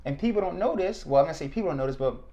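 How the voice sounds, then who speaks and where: Gravelly-voiced man telling his story. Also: on the high side, racing, highs cut off. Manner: animated, acts out quotes. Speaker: podcast guest, former state trooper. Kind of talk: casual storytelling.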